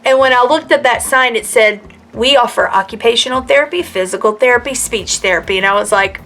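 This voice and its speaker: A woman's voice: fairly high pitch, fairly quick, a bit bright, soft background music. A woman in her mid-thirties telling her own story in a chatty, earnest way, with many fillers and restarts. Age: 30s. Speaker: vlogger. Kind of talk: casual personal storytelling.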